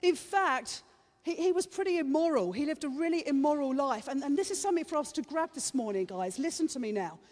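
Woman preacher, high pitched, playful sermon, live hall echo. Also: lively intonation, a little fast, darkish tone. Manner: chatty, playful, teases the congregation. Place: church hall. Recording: reverberant hall.

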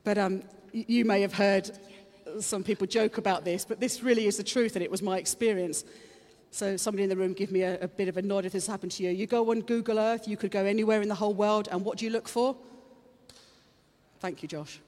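A middle-aged woman pastor giving an Easter sermon to her congregation, chatty and animated, often leaping into high excited exclamations. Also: fairly quick. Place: church hall with congregation. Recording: reverberant hall with soft music behind.

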